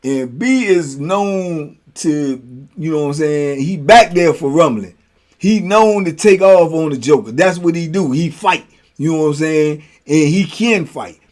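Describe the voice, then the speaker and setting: A man hosting a show, telling a prison story in a casual, animated way, full of slang and "you know what I'm saying.". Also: fairly high pitch, unhurried. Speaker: host telling prison stories.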